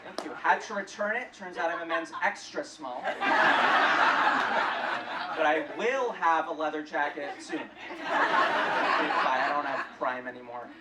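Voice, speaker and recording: A man's voice: on the high side, unhurried, pauses often. A young man performing a stand-up comedy set on a club stage, telling awkward, self-deprecating stories. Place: comedy club stage before a live audience. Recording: roomy, distant live club recording with heavy crowd noise.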